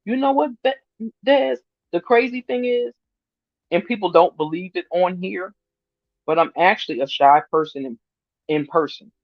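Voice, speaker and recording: A woman in her fifties chatting casually to her viewers on a livestream, animated and laughing often as she reads their comments. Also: fairly low pitch, normal speed, no room sound. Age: 50s. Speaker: vlogger reading viewer comments. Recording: dry, slightly muffled lo-fi sound.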